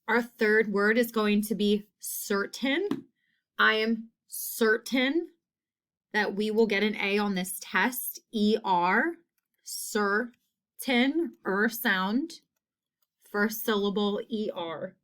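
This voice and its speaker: A woman's voice: mid-range voice, takes it slowly, a bit bright. A woman teacher giving a phonics lesson who spells out each sound and repeats every word in a short model sentence. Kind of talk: slow, deliberate phonics lesson.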